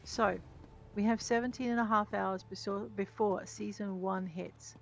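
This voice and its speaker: A woman's voice: medium pitch, steady tone, a little slow, vocal fry. A woman giving chatty, self-mocking commentary while playing a video game, talking back to the characters. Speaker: let's play gamer. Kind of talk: casual gameplay commentary. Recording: dull lo-fi mic with game music.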